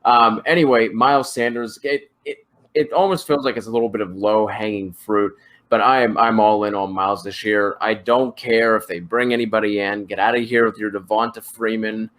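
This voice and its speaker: Male co-host, low pitch, loose joking sports banter. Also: fairly even intonation, moderate pace, a bit bright. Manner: rambling, joking, loose slang. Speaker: fantasy football podcast co-host. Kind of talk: casual sports chat.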